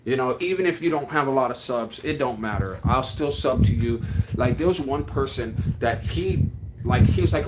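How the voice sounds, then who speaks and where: A man on a casual livestream who reads viewer comments aloud and chats in an excitable, slangy way full of restarts. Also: medium pitch, normal speed, noisy background. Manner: drawling slang with frequent restarts.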